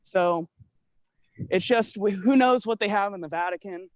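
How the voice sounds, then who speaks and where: A man with a slightly higher voice rambles through a long call, piling up fillers and half-finished restarts. He sounds a little out of breath as he walks. The sound is dry and close, with no room around it. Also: moderate pace, no echo. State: out of breath from walking. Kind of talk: casual conspiracy chat.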